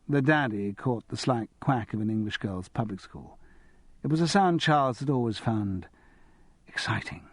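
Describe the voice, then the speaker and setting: A man narrating an audiobook in a wry, expressive manner. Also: mid-range voice, normal speed, no echo.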